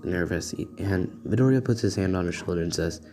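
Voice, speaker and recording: A young man improvising a fan-fiction story in a rambling, halting way, with asides to his listeners. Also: low-pitched. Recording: beat music playing behind. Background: music beats.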